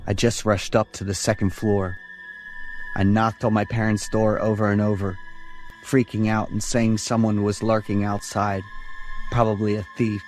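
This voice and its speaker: A man with a low voice tells a horror story in steady, even first-person narration. The delivery stays measured from one line to the next, as in a bedtime scary story. A faint music bed sits underneath.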